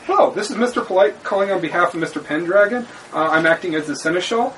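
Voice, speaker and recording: A man playing a stiffly formal court official who speaks haltingly with many uhs, a bit distant from the mic. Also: high voice, expressive, fairly bright tone, slight background noise.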